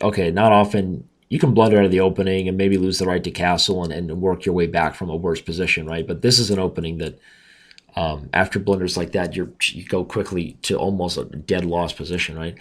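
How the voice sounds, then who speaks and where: A man with a raspy voice giving chatty, self-mocking commentary on his own chess games as he plays. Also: sits low. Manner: chatty, self-mocking, talks through moves aloud. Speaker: chess streamer. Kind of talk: casual commentary while playing online.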